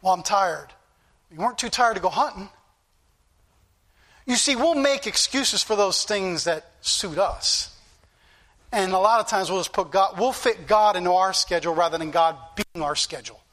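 A man's voice: sits high, normal speed, fairly bright tone. A middle-aged man preaching a sermon with impassioned emphasis and shifting pace. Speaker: pastor.

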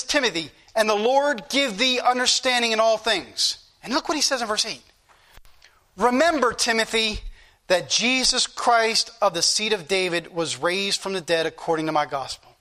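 A man's voice: high voice, sharp tone. A man preaching a sermon to his congregation, earnest and repetitive, reading scripture aloud and explaining it.

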